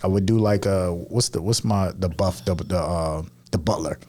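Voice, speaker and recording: A man's voice: low-pitched, moderate pace, dark tone, husky. A man in his thirties co-hosting a podcast, telling stories in a laid-back, slangy way with frequent laughs. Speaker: podcast co-host. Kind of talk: casual chat.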